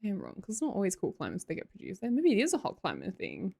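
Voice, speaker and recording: Australian woman, young, live streamer, chatty, giggly, lively voice. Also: medium pitch, fast talker, gravelly, slightly rough. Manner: chatty, giggly, self-mocking. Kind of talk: casual chat reading viewer comments.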